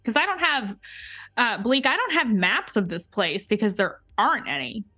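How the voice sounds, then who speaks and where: A woman with a higher, bright, sharp voice talks casually as a player in a tabletop role-playing game. She is animated and chatty, laughing often and quick to apologize. Her voice is close and dry, with faint music behind. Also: no room sound. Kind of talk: casual tabletop play and chat.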